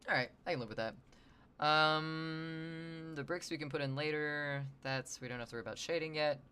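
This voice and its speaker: A man's voice: on the high side, normal speed, pushed and bright, clear, resonant tone. A man streaming his drawing session, rambling and joking with his chat. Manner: rambling, jokey, talks to chat. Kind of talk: casual livestream chat while sketching.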